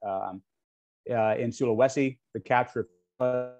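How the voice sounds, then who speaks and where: A man's voice: mid-range voice, steady tone, unhurried, a little mellow, soft background music. An American man giving an unscripted talk as a guest speaker, speaking frankly with many ums and restarts. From United States. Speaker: guest speaker on US-Indonesia relations. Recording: dull lo-fi audio.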